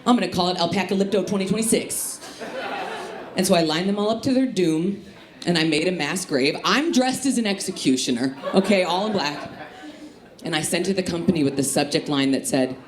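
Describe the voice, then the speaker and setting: A woman from the Chicago area doing a stand-up comedy set on a club stage, with a punchy, lively delivery. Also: lowish voice, brisk. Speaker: stand-up comic. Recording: live club with echo and crowd laughter. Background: laughing audience.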